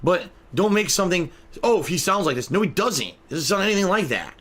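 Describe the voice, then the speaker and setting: A man's voice: high-pitched, very animated, a little fast, fairly bright tone. A male streamer ranting in indignant, profane commentary to his chat.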